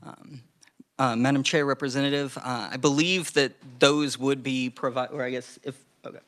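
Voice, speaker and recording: A man walks a legislative committee through testimony. His pitch sits mid-range and his delivery is measured, often pausing on fillers as he explains data. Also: steady tone, fairly bright tone. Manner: measured, hedging with frequent fillers. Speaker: legislative staff presenter.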